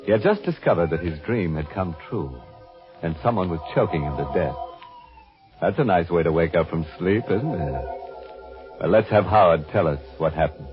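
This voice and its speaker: A man's voice: low voice, expressive, moderate pace. An actor playing a sardonic male horror host who relishes the macabre, in a 1940s radio drama. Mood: mocking. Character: ghoulish male horror host, mocking and grim. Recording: dull old radio recording with music.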